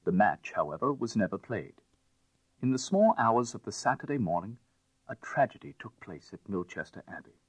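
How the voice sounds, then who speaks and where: A man narrates a classic tale with measured, expressive reading. His lowish voice is husky, and it moves widely in pitch. The recording is dry and close. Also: dry recording. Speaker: audiobook narrator.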